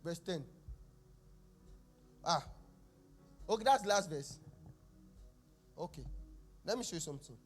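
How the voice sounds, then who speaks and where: Preacher, young man, high animated voice, faint music underneath. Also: measured pace, long pauses. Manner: animated storytelling with laughs and exclamations. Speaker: pastor. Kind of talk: sermon. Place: church service.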